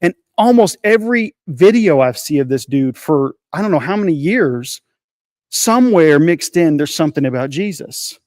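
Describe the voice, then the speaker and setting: On a casual faith podcast, a male co-host with a fairly high, expressive, slightly mellow voice tells a personal story at normal speed. He's earnest and emotional, often repeating phrases, restarting, and using fillers. The dry recording has studio quality.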